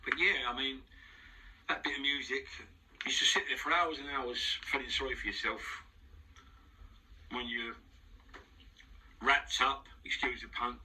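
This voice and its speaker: A man's voice: medium pitch, pushed and bright, far from the mic, poor audio. Rambling man with a London accent. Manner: rambling, frank, with frequent restarts and swearing. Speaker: interview guest. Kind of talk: casual spoken monologue. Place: studio. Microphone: wearing headphones.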